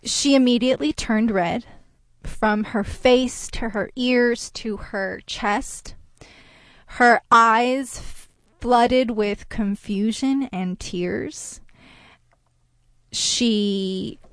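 A woman telling a personal story in an earnest, reflective way, with hesitant pauses and restarts. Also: fairly high pitch, dry recording.

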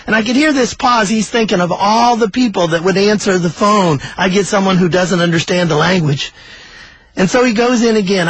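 An older man, a storyteller and author, telling a story in a folksy, animated way and acting out the dialogue. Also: high-pitched, fairly quick, husky, dry recording, rough recording. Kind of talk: oral storytelling.

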